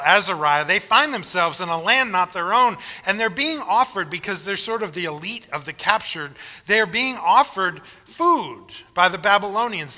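A man's voice: high-pitched, sharp tone, big-room sound. A man pastor preaching a sermon in a church, conversational with wry humor.

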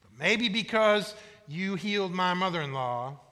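Grudging folksy fisherman, gruff complaints, high bright voice, a man doing him, long church-hall reverb. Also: animated, measured pace, full character voice. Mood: grumbling. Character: grumbling weathered male fisherman.

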